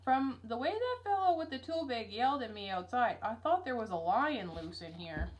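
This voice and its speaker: A woman voicing a puzzled, easygoing male policeman in a storybook reading, speaking slowly. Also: fairly high pitch, sing-song, muffled recording.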